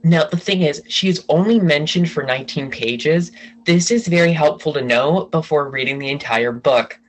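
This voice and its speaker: A man shares gossip as a podcast guest, animated and quick to act out conversations. His voice sits somewhat high for a man. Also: low-quality recording. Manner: animated storyteller, acts out quotes. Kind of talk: casual gossip chat.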